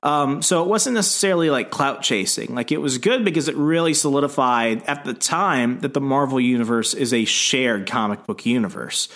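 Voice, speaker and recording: A man co-hosting a casual podcast, speaking thoughtfully about comics and pausing often as he sorts through his thoughts. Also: medium pitch, lively intonation, fairly bright tone. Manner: thoughtful, lots of fillers, restarts. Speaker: podcast co-host. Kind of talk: casual chat.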